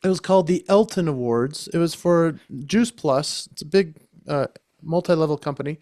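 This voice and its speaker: A man's voice: a little high, normal speed, darkish tone, no room sound. A man telling an enthusiastic story as a podcast guest, talking casually into a close microphone. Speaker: guest, entertainer and speaker.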